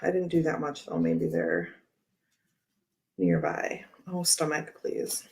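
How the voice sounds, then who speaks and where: Chatty woman with a lowish voice. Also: very animated, takes it slowly, darkish tone. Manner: chatty, rambling, laughs often. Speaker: tarot livestream host. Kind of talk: casual chat while handling cards.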